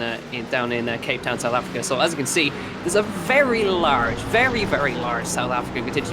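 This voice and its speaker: A man with an Irish accent doing live commentary on a sim racing event, chatty with frequent fillers and self-corrections. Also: medium pitch.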